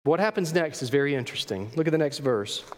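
A man preaching to his congregation with a high, bright-edged voice. He tells the story with animated emphasis and asks his listeners rhetorical questions. His voice rings with a long reverb, as in a large sanctuary. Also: quick pace. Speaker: pastor. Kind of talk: sermon.

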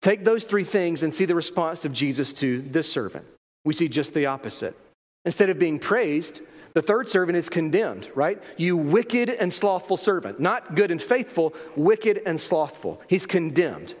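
A man's voice: on the high side, very animated, moderate pace, in a large hall. A man delivering a sermon as a pastor, emphatic and full of rhetorical questions.

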